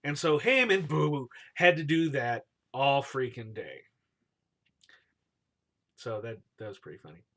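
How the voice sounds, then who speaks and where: Male storyteller, casual and slangy, cheers and boos names, bright and animated. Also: medium pitch, measured pace, pauses often. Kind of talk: casual, jokey retelling of a scripture story.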